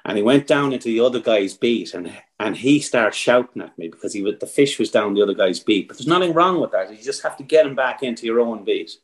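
An Irish man being interviewed as team captain, telling stories in a lively, casual way and swearing freely. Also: mid-range voice, quick pace, few pauses. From Ireland. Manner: animated yarn-spinning, swears freely, frequent restarts.

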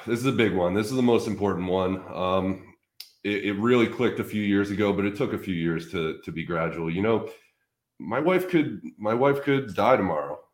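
Direct, low-voiced male podcast guest, echoey room. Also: animated, normal speed. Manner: matter-of-fact, direct. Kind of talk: casual podcast conversation.

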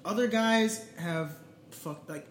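Man, podcast co-host, casual chat, animated, laughing, somewhat high voice, echoey room. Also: fairly quick, crowd noise. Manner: animated, laughs often, acts out quotes loudly.

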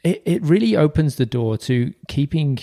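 A man with a gravelly, mellow voice talks earnestly in a casual podcast chat. He sometimes stops mid-sentence to hunt for the right word. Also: a little high, big pitch swings, normal speed. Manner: searching for words, earnest.

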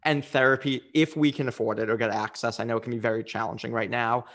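A man's voice: medium pitch, steady tone, quick pace, fairly bright tone. A man speaking as a coach in a candid interview, earnest and reflective, with frequent fillers.

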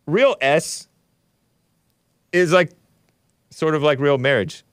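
Animated male live-stream host, dry close mic. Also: a little high, slow, pauses often, no room sound. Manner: animated, laughing, sighing, groaning in disgust. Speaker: show host reading super chats. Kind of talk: casual live-stream talk.

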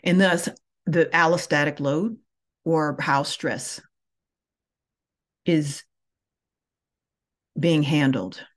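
A woman who teaches yoga, talking through her thoughts slowly and reflectively, with many pauses. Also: sits low. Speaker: yoga teacher and podcast host. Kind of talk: reflective solo podcast talk.

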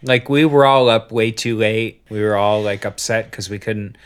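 A man in casual chat, telling an animated story and laughing often. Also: fairly low pitch, moderate pace, clean tone.

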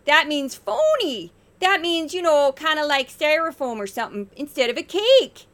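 A woman's voice: high-pitched, sing-song, moderate pace, fairly bright tone, pitched above the performer's own voice. A woman voicing a chipper, folksy Minnesotan woman in a sing-song, exclamatory Minnesota accent.

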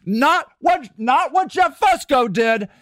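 A man hosting a podcast, delivering a heated, profane rant and shouting often between the clips he plays. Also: very high-pitched, expressive, slow pace, dry recording, clean studio sound. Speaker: podcast host.

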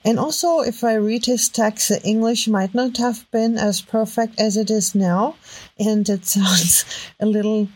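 A woman's voice: fairly high pitch, steady tone, a little mellow, poor audio. German-accented woman thinking aloud. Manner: halting, thinks aloud with many fillers and restarts. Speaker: podcast host. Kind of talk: casual commentary while browsing web posts. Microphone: home microphone.

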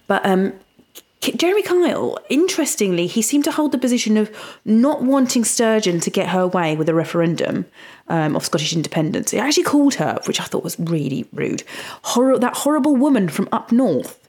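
A woman co-hosting a podcast in exasperated, animated casual chat. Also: mid-range voice, fairly quick, husky. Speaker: podcast co-host.

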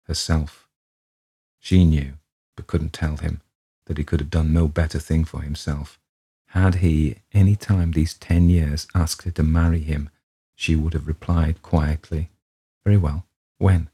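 Deep, husky-voiced man reading a story. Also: little pitch movement, unhurried, mellow. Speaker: audiobook reader. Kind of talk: storybook narration.

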